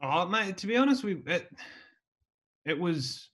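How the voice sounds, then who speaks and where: An Australian man in his thirties, a former footballer, telling rambling stories in a relaxed chat. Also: high voice, measured pace, slightly rough. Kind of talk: casual storytelling chat.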